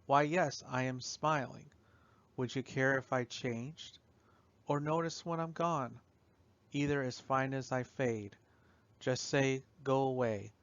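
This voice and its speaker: A man reading dark poetry aloud for an audiobook, in a slow, somber and measured way, trailing off softly at the ends of lines. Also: medium pitch, steady tone. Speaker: audiobook narrator. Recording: dull, dry lo-fi recording.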